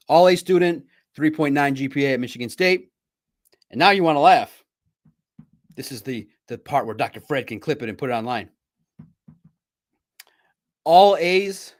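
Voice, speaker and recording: Rambling self-deprecating male sports host. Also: medium pitch. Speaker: sports podcast host and reporter. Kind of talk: casual livestream sports chat.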